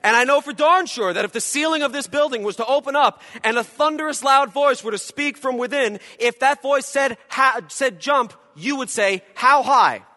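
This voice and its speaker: A male pastor preaches with a high, bright voice that has a ringing edge. He swings from loud to hushed as he acts out imagined voices. His words trail off into a long hall reverb from the church around him. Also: brisk, hardly any pauses. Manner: dramatic, acting out quoted voices, swings from loud to quiet. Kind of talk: sermon.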